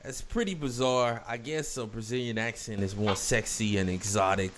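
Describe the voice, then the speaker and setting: A man's voice: lowish voice, moderate pace, noisy background. A man hosting a casual podcast chat, blunt and crude, firing off questions. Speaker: podcast host.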